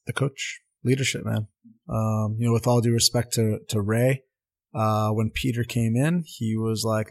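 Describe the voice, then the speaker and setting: A man in his forties, a former professional footballer, telling animated anecdotes in a casual interview with many fillers and repeated words. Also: on the low side, a little slow. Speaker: former pro footballer, guest.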